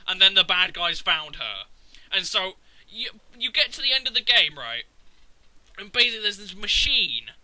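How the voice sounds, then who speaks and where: A man's voice: high voice, very animated, moderate pace, sharp tone, no room sound, low-quality recording. A man, ranting casually and profanely about a video game. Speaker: gaming video maker. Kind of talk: casual rant.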